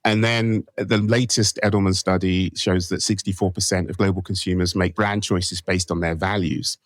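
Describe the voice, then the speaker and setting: A man's voice: deep voice, moderate pace, dry recording, clean studio sound. A man with a British accent, a podcast guest speaking emphatically and animatedly in an interview. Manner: animated, emphatic, laughs while making points. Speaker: guest, marketing company co-founder.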